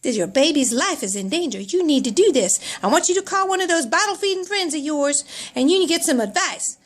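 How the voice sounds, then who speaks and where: A woman voicing a firm, serious pediatrician, speaking in a measured way. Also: sits high, animated. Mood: grave. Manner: grave, measured.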